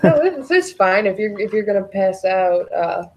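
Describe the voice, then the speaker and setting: A woman co-hosting a casual chat in an easygoing way. Her voice sits at a middle pitch, and she talks plainly. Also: sing-song, normal speed, muffled recording. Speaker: co-host.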